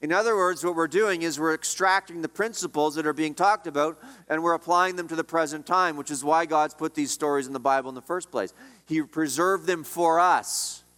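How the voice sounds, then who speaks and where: A man preaching from the pulpit, his voice pitched a little high for a man. He drives points home through repetition and sinks quiet on the heavy lines. The sound carries a long reverberant tail from the hall. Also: fairly quick. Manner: emphatic preaching with repetition and dropping volume on key lines. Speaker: pastor. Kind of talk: sermon.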